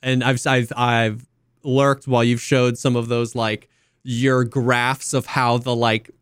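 Man, casual podcast co-host, smooth voice, dry sound, relaxed and rambling. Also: medium pitch, slow, no echo. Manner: relaxed, rambling, many restarts and fillers. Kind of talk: casual chat.

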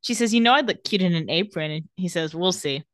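Her voice pitched fairly low, a woman co-hosting a laid-back podcast breezes through a TV episode recap, joking and laughing as she quickly covers scenes. The clean studio audio has no room sound.

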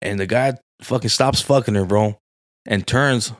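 A low-pitched man co-hosting a casual podcast and spinning a crude, slang-heavy story. His voice is dry and close, with no room sound around it. He keeps dropping "bro" and "dog" as he goes. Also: moderate pace, no echo. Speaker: podcast co-host.

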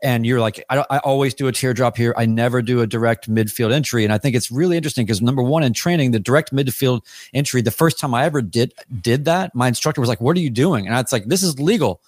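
A man's voice: mid-range voice, fast talker, few pauses, a little mellow, no echo, studio quality. Rambling podcast co-host, man. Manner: rambling, with many restarts and fillers. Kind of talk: casual podcast chat.

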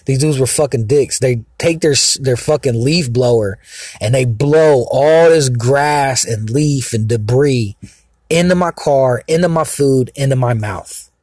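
Profane, agitated husky-voiced man. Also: mid-range voice, a little slow, darkish tone, no room sound. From Mexican heritage. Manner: profane, agitated, rambling with many fillers. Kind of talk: rambling profane monologue. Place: outdoors, sitting in a car.

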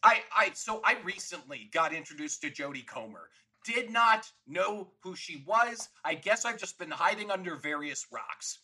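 A man talks through a film in an easy, chatty way, often breaking into laughter. His voice sits high and has a husky edge. The tone is bright and forward. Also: lively intonation, normal speed, rough recording. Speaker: podcast co-host. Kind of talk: casual movie discussion.

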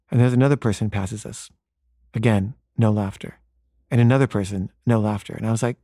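A man's voice: fairly quick, no room sound. Dry-sounding man telling a story. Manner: casual, animated, acts out dialogue with rising pitch. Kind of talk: personal anecdote.

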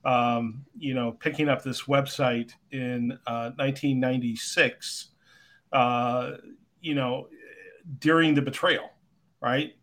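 A man's voice: medium pitch, steady tone, slow, fairly bright tone. A middle-aged man co-hosting a sports podcast, speaking in a laid-back, reflective way. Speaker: podcast co-host. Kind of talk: casual sports talk.

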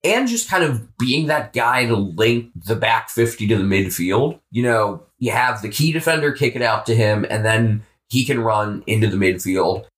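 An American man co-hosting a podcast, talking about football in a relaxed, offhand way with the odd swear. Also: fairly low pitch, normal speed, few pauses. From United States. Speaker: podcast co-host. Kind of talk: casual sports chat.

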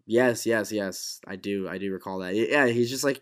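Dude rambling thru a tv recap, chill and loose, lots of uh and like. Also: male voice, lowish voice, moderate pace. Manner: relaxed, rambling, many fillers and restarts. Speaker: podcast co-host recapping a TV episode. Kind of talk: casual chat.

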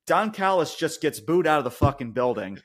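A man co-hosting a wrestling podcast, ranting and swearing in casual chat, going from loud outbursts to quiet mutters. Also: a little high, very animated, brisk. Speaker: podcast co-host.

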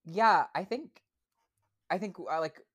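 A woman's voice: lowish voice, lively intonation, slow pace, husky. A young adult woman, a podcast guest, chatting casually with lots of fillers and restarts. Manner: hesitant, many fillers and restarts. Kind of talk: casual interview chat.

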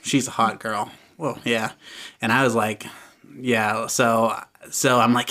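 A young man telling a comic anecdote in casual chat. He laughs often and jumps high in pitch when he acts out voices. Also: flat delivery, slow pace, sharp tone.

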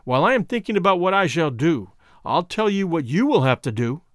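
A man reading aloud voices a calm, gently ironic middle-aged husband in a storybook, slow and deliberate. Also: fairly high pitch, no echo, studio quality. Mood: calmly ironic.

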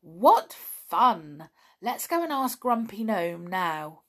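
A woman voicing an eager young male brownie in a children's story, talking brightly and excitedly. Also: mid-range voice, takes it slowly, full character voice.

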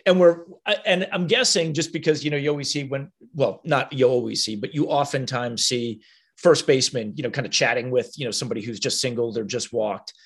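A man's voice: mid-range voice, fairly quick, slightly rough. A man hosting an interview, asking long, winding questions full of fillers. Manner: curious, long rambling questions with many fillers. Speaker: podcast interviewer. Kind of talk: conversational interview.

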